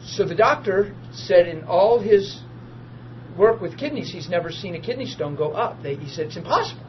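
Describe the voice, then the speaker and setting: A man preaching a testimony as a story, excitable, bursting into laughter and shouts. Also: high voice, normal speed. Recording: muffled recording with steady hum.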